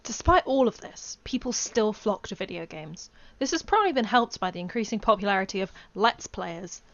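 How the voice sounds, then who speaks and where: A woman giving measured, scripted documentary narration. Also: medium pitch, expressive, a bit bright, muffled recording. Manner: measured, explanatory.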